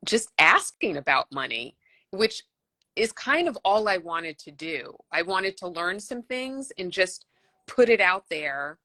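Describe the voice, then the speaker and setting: A woman with a bright, forward voice that swings widely up and down answers interview questions as an author. She sounds candid and self-deprecating. The recording is close and dry. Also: on the low side, expressive, unhurried, dry recording. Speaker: guest author.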